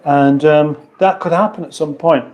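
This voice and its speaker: A man's voice: fairly high pitch, steady tone, moderate pace, darkish tone, highs cut off. A man with an English accent hosting a casual live stream from his kitchen, reading viewer comments aloud with dry, playful banter. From England. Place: home kitchen.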